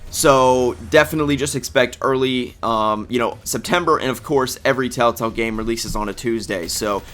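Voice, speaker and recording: A young man, a bit groggy since he just woke up, hosts a casual solo video about upcoming game news. His pitch sits in the middle range for a man. He thinks aloud as he speculates and corrects himself along the way. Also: moderate pace, a bit bright. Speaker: gaming news video host.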